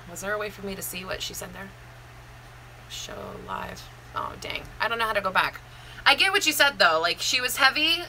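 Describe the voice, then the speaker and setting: A woman's voice: fairly high pitch, bright, forceful tone, a little hiss or hum, rough recording. A woman, a Zumba instructor, talking candidly in a rambling, heartfelt live-stream chat, full of fillers and restarts. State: near tears.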